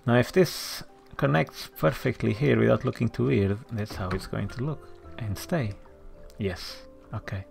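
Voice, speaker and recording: A let's-play commentator thinking aloud while building in a game, muttering to themself and sometimes dropping to a soft near-whisper. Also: mid-range voice, measured pace, creaky, soft background music. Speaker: gameplay commentator.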